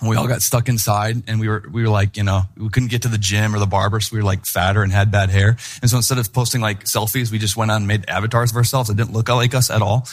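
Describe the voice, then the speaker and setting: A middle-aged male pastor preaching a sermon with animated storytelling, acting out voices in his anecdotes. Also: on the low side, fast talker, hardly any pauses.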